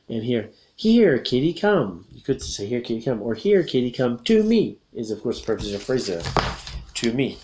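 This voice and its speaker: A man teaching English grammar, reading a picture book aloud slowly and breaking off to explain and correct himself. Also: on the low side, darkish tone, slight background noise. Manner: reads slowly with self-corrections and asides. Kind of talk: casual read-aloud lesson.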